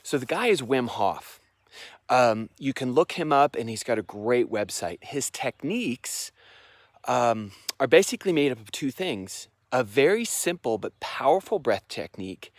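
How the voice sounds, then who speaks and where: A man teaching meditation, talking through breathing techniques in a casual, unhurried way outdoors in the mountains, with pauses, fillers and breathing demonstrations. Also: mid-range voice, sing-song, no echo, studio quality. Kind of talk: casual explanatory vlog.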